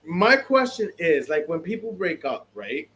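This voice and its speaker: A man's voice: fairly high pitch, sing-song, measured pace, a bit bright. A man co-hosting a podcast in casual chat, talking animatedly, repeating himself and laughing often. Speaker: podcast co-host.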